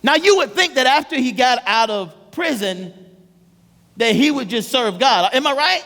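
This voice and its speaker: A man preaching a sermon as a story, animated and emphatic. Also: extremely high pitch, moderate pace. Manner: animated, emphatic, acts out voices. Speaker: pastor. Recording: long reverb of a large hall.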